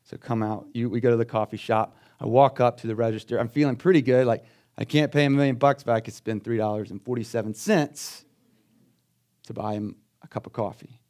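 Telling stories conversationally, a pastor preaches a sermon that swings between quiet asides and loud, emphatic bursts. His voice holds a steady tone at medium pitch and moves a little fast.

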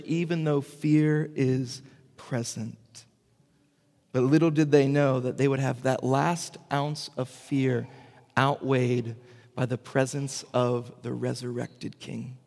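A male pastor preaches at an unhurried pace, his voice a touch high for a man. He swings from lively acted-out asides to hushed, drawn-out emphasis. His words ring with the long reverb of a large hall. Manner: expressive, shifts from animated to hushed and slow. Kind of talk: sermon.

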